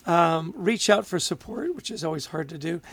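A man co-hosting a podcast in casual chat, upbeat and quick to laugh. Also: on the high side, fairly bright tone. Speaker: podcast co-host.

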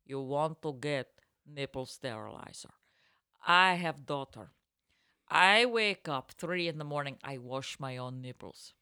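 A woman's voice: sits low, expressive, measured pace, bright, forceful tone, clean tone, no echo, studio quality, voice pushed down, heavily acted. A woman voicing a pushy older Russian saleswoman with a heavy Russian accent and blunt, broken English. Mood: insistent.

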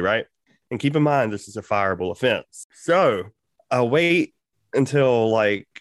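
A man's voice: on the low side, no room sound. A man hosting a podcast, telling a rambling, profane story in a laid-back way. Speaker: podcast host. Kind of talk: casual storytelling chat.

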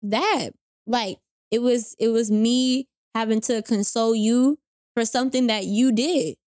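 A young woman telling a personal story in casual chat, animated, acting out both sides of the conversation with slang. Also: on the high side, unhurried, no room sound, studio quality. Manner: animated retelling with quoted voices and slang. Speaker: storyteller guest.

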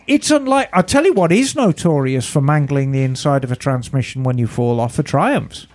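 A man's voice: medium pitch, moderate pace. A man co-hosting a motorcycle podcast, explaining repairs in casual chat. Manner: animated, explaining mechanics, teasing. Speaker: podcast co-host.

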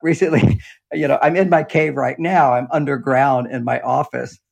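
A man's voice: mid-range voice, fairly even intonation, moderate pace, vocal fry, a little mellow. An older man talking in a rambling, explanatory way in a casual interview, often breaking into laughter, speaking from an underground home office. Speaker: relationship author and guest.

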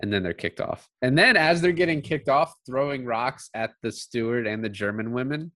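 A man co-hosting a casual podcast, relaxed and given to laughing as he talks about a film. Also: medium pitch, normal speed, no room sound. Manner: relaxed, laughs often, quotes film lines in passing. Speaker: podcast co-host.

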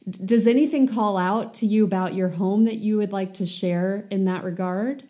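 A woman hosts a casual podcast interview. Her voice is mellow and warm at a middling pitch. She draws out her reactions and asks questions slowly. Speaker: podcast host.

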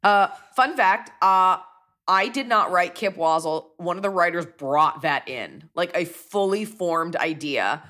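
A woman's voice: on the low side, animated, a little slow, sharp tone. A woman comedian hosting, reading ads and chatting casually with a self-deprecating manner. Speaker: comedian host. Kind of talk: podcast ad read and casual chat.

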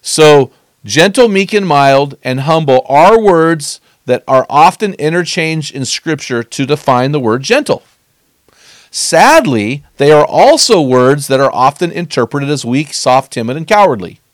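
A middle-aged man teaching on scripture in an earnest, conversational way, slowing down to stress key phrases. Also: fairly high pitch, lively intonation, no room sound, studio quality.

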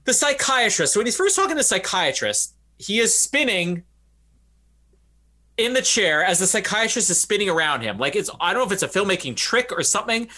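Bright-voiced man chatting about movies. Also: sits high. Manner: laughs often, animated, does quick funny voices for quoted characters. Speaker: podcast co-host. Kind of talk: casual movie-review chat.

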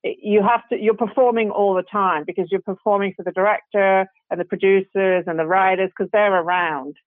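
A woman's voice: medium pitch, steady tone, a little fast, no room sound. A British woman, a guest actress, talking in a chatty, rambling way with frequent "you know"s, restarts and laughter. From Britain. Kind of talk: casual interview chat. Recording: dry, tinny phone-like call audio.

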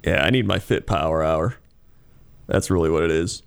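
A man's voice: extremely low pitch, moderate pace, vocal fry, clear, resonant tone. A tired man co-hosting a casual podcast, rambling in a laid-back way with many fillers. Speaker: podcast co-host.

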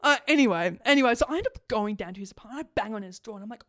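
A woman's voice: fairly high pitch, lively intonation, racing, dry recording, clean studio sound. A young woman telling a story in casual chat, laughing often and swearing. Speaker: podcast co-host.

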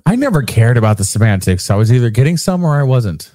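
A man's voice: medium pitch, very animated, fast, warm tone, no echo. A man, co-hosting a casual chat, teasing and swearing freely. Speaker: co-host. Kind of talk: casual banter.

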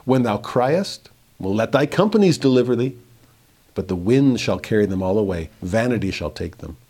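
A man with a fairly low voice teaches through scripture verse by verse. He reads each passage slowly and deliberately, then explains it in plain words, building emphasis as he paraphrases. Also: lively intonation, a little mellow, slightly rough.

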